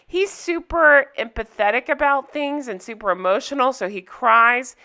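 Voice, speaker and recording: A chatty young woman talks straight to her viewers, recapping a show in an easy, candid way and laughing often. Her voice sits a little high and sounds bright and forceful. The tone stays smooth and crisp throughout. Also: moderate pace. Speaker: reality TV recap vlogger. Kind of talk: casual recap chat to viewers.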